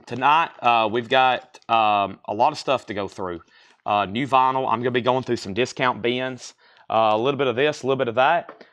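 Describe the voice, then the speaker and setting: A man hosting a live online record sale. He lists titles, grades and prices briskly, greets bidders by name and chats casually with viewers. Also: medium pitch, a bit bright. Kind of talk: live-stream sales patter.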